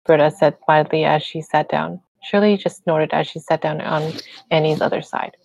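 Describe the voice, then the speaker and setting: A woman reading a fan-fiction story aloud in a relaxed way, with small slips and restarts. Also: low voice, moderate pace, gravelly, no room sound. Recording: dull lo-fi dry recording.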